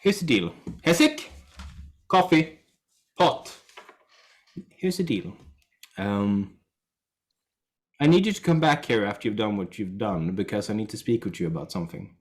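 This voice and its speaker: A brisk, no-nonsense woman who runs a coffee shop, voiced by a male game master in a lowish voice close to his own. She speaks in a measured, dry, slightly stern way. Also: lively intonation.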